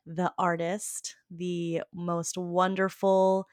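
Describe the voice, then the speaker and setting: A woman's voice: on the low side, level tone, drawn-out words, darkish tone, no echo, studio quality. A woman hosting a podcast, chatting casually with lots of fillers and easy laughs. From Filipino family. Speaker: podcast host.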